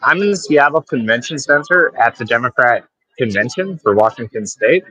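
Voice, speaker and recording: Call-in guest, male, bright tense voice, offhand dry humor, dry close mic. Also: mid-range voice, lively intonation, normal speed, slightly rough, no echo, poor audio. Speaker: guest calling in from an event. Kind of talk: casual remote call-in chat.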